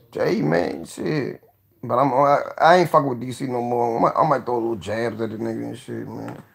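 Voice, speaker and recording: Gravelly, laughing man giving shout-outs. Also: mid-range voice, normal speed. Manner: profane, joking, laughs often. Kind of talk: casual rambling shout-outs to viewers.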